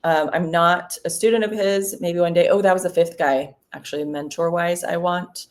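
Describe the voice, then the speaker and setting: A woman real estate broker chatting casually in a vlog between cold calls, relaxed and full of ums. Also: fairly low pitch, moderate pace.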